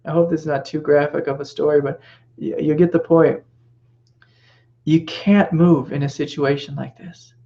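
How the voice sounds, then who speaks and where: Gentle gravelly man teaching spirituality. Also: a little high, fairly even intonation, moderate pace, muffled recording. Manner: gentle, reflective, with soft whispered reassurances. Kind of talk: satsang teaching talk.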